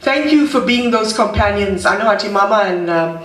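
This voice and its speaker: Man, high voice, funeral thank-you speech, pauses, light humor, echoey room, distant mic. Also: lively intonation. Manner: halting, with pauses and gentle humor. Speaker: son of the deceased giving a vote of thanks. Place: funeral hall. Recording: roomy hall, mic at a distance.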